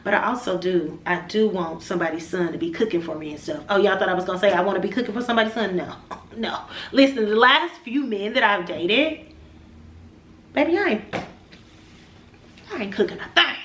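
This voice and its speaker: A woman's voice: medium pitch, quick pace, a bit bright. A woman in her forties chatting casually to her viewers, playful and emphatic with teasing asides. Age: 40s. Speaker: vlogger. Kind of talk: casual chat to camera.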